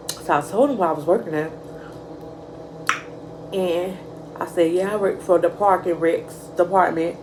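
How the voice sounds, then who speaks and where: Young woman, vlogger, casual storytime, curses freely, talks to viewers as y'all, raspy vocal fry, faint hum behind. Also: sits low. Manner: profane, animated, addresses viewers as y'all.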